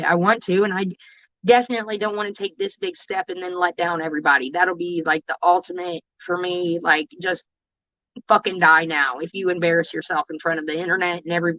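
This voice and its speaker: A woman's voice: fairly low pitch, fairly even intonation, bright, forceful tone, no room sound. A woman on her own livestream, talking candidly and emotionally to viewers, swearing often and stopping to restart her sentences. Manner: raw, emotional, swears constantly, halting restarts. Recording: dull, dry home stream audio.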